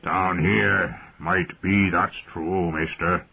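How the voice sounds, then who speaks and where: A man voicing a gruff, sour old soldier of the watch in an audiobook, speaking slowly and bluntly, heard through a narrow, phone-like sound. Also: low-pitched, steady tone, slight background noise, heavily acted. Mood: grim, blunt. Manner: slow, blunt, grunting.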